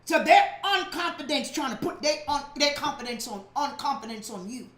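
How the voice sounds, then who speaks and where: High-voiced woman pastor preaching in a roomy space. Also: expressive, moderate pace. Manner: preaching with emphatic repetition; shouting on key lines. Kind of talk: sermon.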